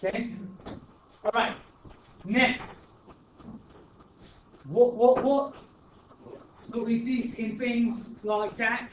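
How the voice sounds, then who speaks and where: A man with a Brooklyn accent teaching a math class, talking in an animated way and calling the students guys. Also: extremely high pitch, drawn-out words, pauses often, a little hiss or hum. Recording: echoey, distant, dull classroom recording.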